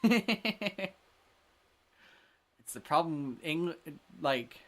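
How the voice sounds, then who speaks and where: A man's voice: on the high side, animated, drawn-out words, a bit bright. A man hosting a casual livestream, chatty and self-deprecating. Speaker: stream host.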